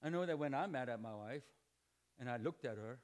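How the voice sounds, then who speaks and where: A middle-aged man preaching a sermon to students in a church hall, animated and joking, acting out dialogue and shouting at emphatic points. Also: mid-range voice, brisk. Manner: animated, acts out dialogue and jokes. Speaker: pastor.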